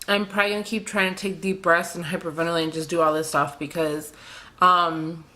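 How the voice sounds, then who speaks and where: A young woman speaks in a slightly low voice, pouring out an emotional confession to her vlog audience. She hesitates and rambles, restarting her sentences and filling the gaps, close to tears throughout. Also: little pitch movement, moderate pace, pauses often, bright, forceful tone. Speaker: beauty vlogger.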